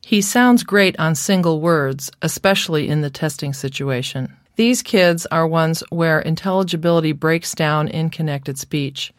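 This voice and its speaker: Low-pitched lady reading a speech therapy lesson, slow and careful, dry close sound. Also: no room sound. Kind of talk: scripted instructional narration.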